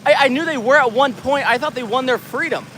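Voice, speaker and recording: An outdoor livestream host from the United States reads his chat aloud, laughing and joking casually. His voice is extremely high, fairly quick, and a bit bright, with a little hiss or hum on the handheld camera mic.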